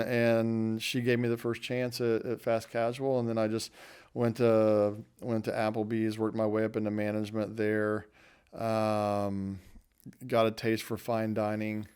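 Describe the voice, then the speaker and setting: A man's voice: on the low side, monotone, measured pace, darkish tone, clear, resonant tone. A man in his fifties telling folksy, rambling anecdotes about his restaurant career in a casual interview. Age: 50s.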